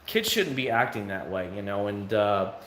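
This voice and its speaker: A man chatting casually to viewers on a livestream from home, rambling along with sudden loud, high bursts. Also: sing-song, normal speed, roomy sound, a little hiss or hum. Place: at home, indoors. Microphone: phone.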